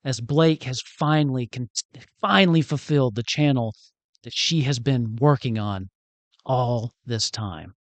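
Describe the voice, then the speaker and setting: A man's voice: mid-range voice, dry recording. Man narrating as game master. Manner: measured, dramatic narration.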